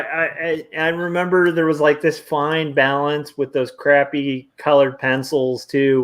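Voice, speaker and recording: A young man in casual chat as a podcast guest, rambling and soft-spoken, with lots of "like" and "um". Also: medium pitch. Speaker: podcast guest, comic artist.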